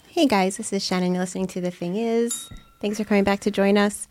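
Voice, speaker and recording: A woman hosting a podcast in casual chat, talking quickly and laughing easily while she is sick. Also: medium pitch, fairly even intonation, background noise. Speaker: podcast host.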